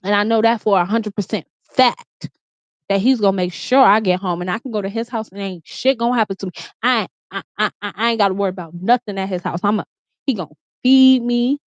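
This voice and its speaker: Speaking briskly at medium pitch, a vlogger shares a personal story to camera from her bedroom. She's blunt and casual, curses freely, and keeps restarting sentences peppered with "like." The audio is dry without room echo, a little dull and lo-fi.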